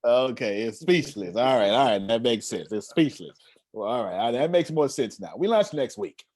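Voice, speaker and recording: A man leads an online meeting over a video call, and his voice swings up and down in lively waves. He talks in a casual, streetwise way and keeps circling back to repeat his points. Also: mid-range voice, normal speed. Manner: animated, streetwise slang, repeats himself. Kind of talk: casual motivational talk.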